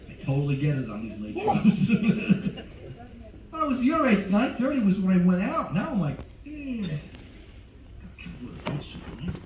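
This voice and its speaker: A male comedian works the crowd on a cruise ship stage, teasing them loudly, his slightly high voice jumping up in pitch. He sounds far from the mic in an echoey room. The sound is dull, with audience noise clearly heard behind him. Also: huge pitch swings, fairly quick. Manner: loud, teasing crowd work with sudden jumps in pitch. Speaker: stand-up comedian. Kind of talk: stand-up comedy set.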